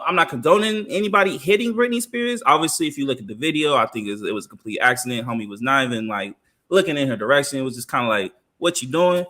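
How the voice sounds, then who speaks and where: A young man co-hosting a podcast in casual, slang-heavy banter. His pitch swings widely as he talks, and his tone is bright and sharp. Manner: animated, slangy, laughs often. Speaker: podcast co-host. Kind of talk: casual chat.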